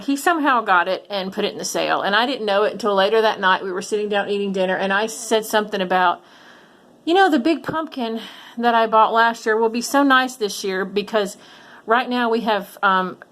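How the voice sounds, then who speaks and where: A middle-aged woman vlogging about her resale finds and telling a long story in a casual, animated way, with lots of ums and false starts. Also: mid-range voice. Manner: chatty, animated retelling with frequent ums and restarts. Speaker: reseller vlogger.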